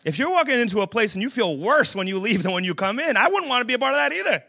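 A man with a strikingly high voice preaches to a church congregation in a loose, joking way. His tone is bright and forceful, and he keeps swinging between casual asides and emphatic, shouted points. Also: big pitch swings, rapid-fire, gravelly. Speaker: pastor. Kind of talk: humorous conversational sermon. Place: church service.

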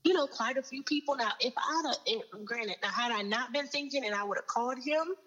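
A woman telling a story in casual conversation, animated and quick to repeat herself. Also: on the high side, muffled recording.

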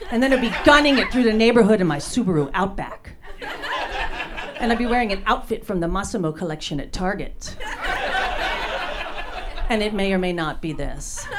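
A middle-aged woman from New Jersey doing a brash, self-deprecating stand-up comedy set on a club stage. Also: medium pitch.

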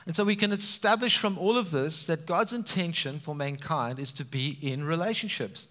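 A man preaching a sermon, animated and emphatic, with frequent rises for emphasis. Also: on the high side, moderate pace. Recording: reverberant hall sound.

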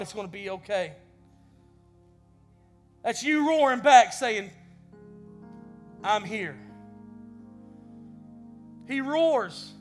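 High-voiced impassioned male preacher. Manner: impassioned, rising and falling in loudness; repeats words when stumbling. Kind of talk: sermon.

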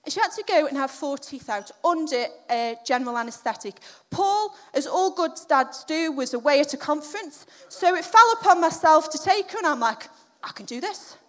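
A woman's voice: high-pitched, animated, moderate pace, hardly any pauses, a bit bright. A middle-aged woman giving a chatty, self-deprecating sermon built around a personal story, acting out the quotes. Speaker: preacher.

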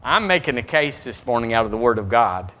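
A pastor, preaching emphatically and reading scripture with lively asides. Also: male voice, mid-range voice, a little fast. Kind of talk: sermon.

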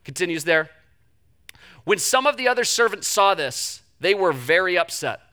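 A young man preaching a sermon, telling the story with animated delivery and acting out the quoted voices. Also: high-pitched, normal speed. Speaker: pastor.

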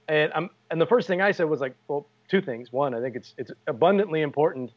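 A man's voice: a little high, quick pace, hardly any pauses. Jokey storytelling man, lo-fi recording. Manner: jokey, storytelling, laughs often. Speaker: podcast co-host. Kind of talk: casual chat.

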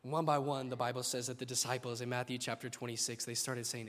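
A young man preaching a sermon, impassioned, swinging between loud declarations and hushed asides, in a large church. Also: mid-range voice, little pitch movement, fast, few pauses. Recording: long hall reverb.

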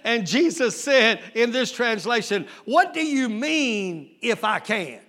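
A man preaching a sermon as lead pastor, using drawn-out emphatic phrasing and calling out rhetorical questions to his congregation. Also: extremely high pitch, animated, bright, forceful tone. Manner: drawn-out emphatic phrasing, stretching key words.

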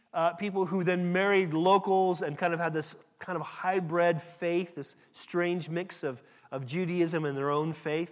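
A man preaching a sermon in a conversational, emphatic way, often restarting his phrases. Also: sits high. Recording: long hall reverb.

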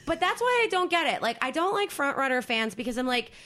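A woman with a bright, slightly high voice rattles on as a podcast co-host. Her talk is loose and profane, crowded with fillers and restarts, and she shifts from topic to topic in easy casual chat. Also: fast. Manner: animated, profane, rambling with many fillers.

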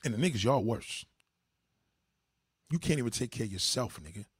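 A man hosting a livestream, delivering a profane, heated rant at his chat and swinging from low mutters to high outbursts. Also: lively intonation, moderate pace, slightly rough, no echo, studio quality. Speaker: livestream host. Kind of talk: ranting monologue to a live chat.

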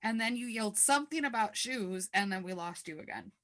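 Bright-voiced wry woman storyteller. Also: mid-range voice, lively intonation, a little fast. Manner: laid-back, wry, swears freely. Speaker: podcast co-host. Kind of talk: casual storytelling chat.

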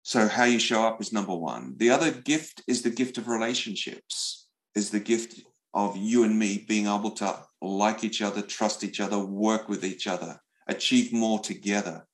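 A middle-aged man speaking as an interview guest, telling stories in an animated way, often repeating words as he goes. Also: on the low side, moderate pace, poor audio. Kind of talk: conversational storytelling.

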